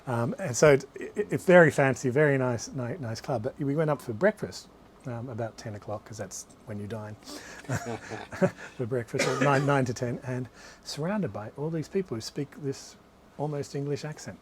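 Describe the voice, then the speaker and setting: A man's voice: mid-range voice, normal speed, background noise. A man, an author, giving a live talk about his books in a bookshop, rambling through anecdotes with frequent restarts and asides. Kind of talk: live talk to a small audience.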